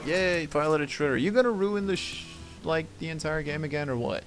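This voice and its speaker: This guy's voice is fairly high and quick, with hardly any pauses. As game music plays, he casually narrates his card game, reasoning through moves out loud and cursing and complaining when plays go wrong.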